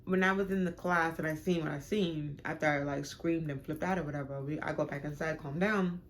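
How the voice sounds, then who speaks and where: Young woman vlogger, low-pitched, animated storytime delivery with dramatic swings, faint background noise. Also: brisk. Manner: animated, dramatic retelling with sudden pitch jumps. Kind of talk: casual storytime vlog.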